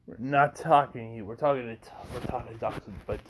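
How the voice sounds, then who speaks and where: A man voicing an alien symbiote creature that speaks as a group, low and half-whispered. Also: quick pace, noisy background, natural voice. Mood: sly.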